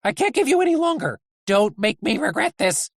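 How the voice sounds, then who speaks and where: A reader voicing a fussy, high-strung male android official who talks high, loud and hurried. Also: very animated, vocal fry, no echo, clean studio sound. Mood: anxious, brisk.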